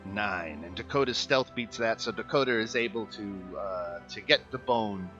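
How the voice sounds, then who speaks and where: A man running a tabletop game as dungeon master, talking in a relaxed way with many fillers and chuckles. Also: lowish voice, normal speed, dull audio, soft background music.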